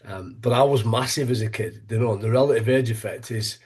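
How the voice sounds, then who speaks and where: A man, a former rugby league player, talks as a guest in a relaxed, thoughtful way. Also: medium pitch, fairly quick, slightly rough. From Yorkshire, England. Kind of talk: casual interview chat.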